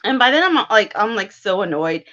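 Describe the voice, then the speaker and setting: A woman in her thirties tells a personal story in easy, casual chat. She sounds animated, laughs often and acts out her own thoughts in quick asides. Her voice sits at a middle pitch, and the recording has a dull, lo-fi sound. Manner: chatty and animated, with laughs and self-quotes. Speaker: guest.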